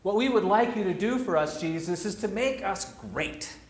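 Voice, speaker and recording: Man putting on insistent greedy disciples, eager, pushy, slightly high voice, echoey. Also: animated, normal speed. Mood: demanding. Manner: eager, insistent, rising in force. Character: ambitious male disciples demanding greatness.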